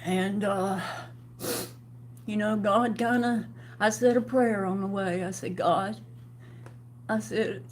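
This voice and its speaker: A middle-aged woman tells her story in an emotional personal vlog, halting and restarting often. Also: mid-range voice, steady tone, a little hiss or hum. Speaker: vlogger.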